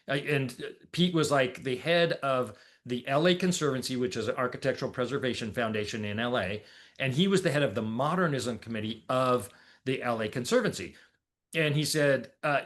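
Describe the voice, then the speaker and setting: A man's voice: medium pitch, a little fast, a bit bright. A man telling a long story as a podcast guest, casual and rambling, with lots of fillers and laughs.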